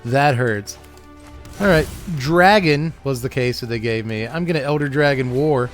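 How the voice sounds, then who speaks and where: A man hosts a card game channel, making wry, joking gameplay commentary and chuckling often. His voice is mid-range at a moderate pace, with faint music in the background.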